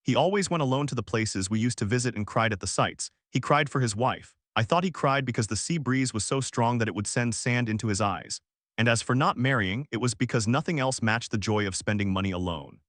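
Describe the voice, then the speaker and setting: A man's voice: mid-range voice, fairly quick, no room sound. Man narrating a story recap, dry sound. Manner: steady read-out telling with quoted dialogue. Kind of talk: first-person recap narration.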